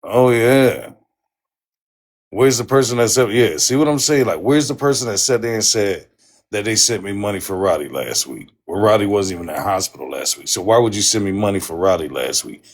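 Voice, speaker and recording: A livestream host with a lowish, expressive voice rants angrily at a fairly quick pace, telling his side of an online feud. He's heated and heavily profane, repeating himself again and again.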